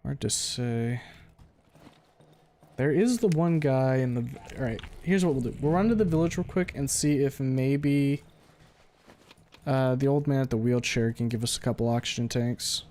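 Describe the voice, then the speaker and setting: A man's voice: medium pitch, normal speed, dark tone, a little hiss or hum. A man streaming a video game, thinking aloud in a casual way with the odd swear. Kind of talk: live gameplay commentary.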